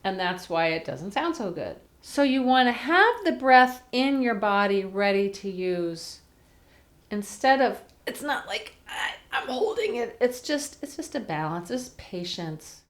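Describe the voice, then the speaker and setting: Slow-talking woman voice teacher. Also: mid-range voice, big pitch swings. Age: older. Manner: chatty, demonstrates vowel warm-ups by singing. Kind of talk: vocal lesson to camera.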